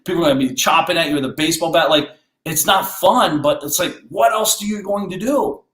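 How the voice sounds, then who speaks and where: A man with a fairly high voice delivers a blunt, fired-up motivational monologue as a podcast host. He keeps firing rhetorical questions at his listeners. The sound is roomy, with audible echo off the walls. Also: fairly quick, fairly bright tone.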